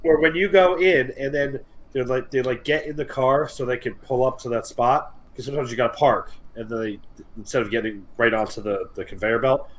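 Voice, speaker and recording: A man's voice: mid-range voice, steady tone, fairly quick, poor audio. Rambling, profane podcast co-host, a man. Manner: rambling, profane, riffs on absurd ideas. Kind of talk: casual comedic chat.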